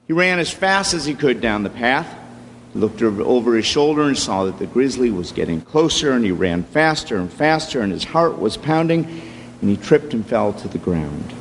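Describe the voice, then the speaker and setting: A male pastor preaching in a relaxed, conversational style, opening with a joke story and then walking through the text with frequent fillers. The sound is a church space with a long reverb and a faint background hum. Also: medium pitch, normal speed. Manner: conversational, storytelling with joking asides. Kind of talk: sermon.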